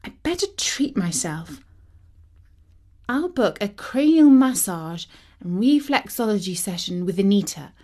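A woman's voice: medium pitch, big pitch swings, unhurried, a little mellow. A woman doing a weary, drained mother. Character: tired middle-aged mother, weary.

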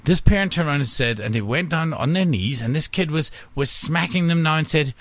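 A man's voice: a little high, expressive, brisk, a bit bright, no echo. Middle aged guy ranting, blunt, dry room sound. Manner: blunt, ranting, acts out quotes. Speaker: podcast co-host. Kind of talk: casual chat.

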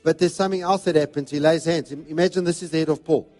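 A high-voiced man delivers a sermon, hammering his points home with repeated phrases. Soft music plays faintly beneath his voice. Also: steady tone, fast talker. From South Africa. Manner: emphatic, repetitive preaching cadence. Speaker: pastor.

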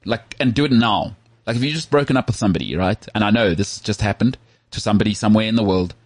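A man from South Africa co-hosting a podcast, telling rambling, animated stories in casual chat. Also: on the low side, fast talker, no room sound. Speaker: podcast co-host. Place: Cape Town.

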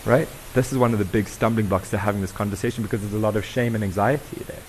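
Lively South African man quizzing audience. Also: fairly low pitch, fast talker, slight background noise, poor audio. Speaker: workshop facilitator. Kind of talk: interactive talk to an audience.

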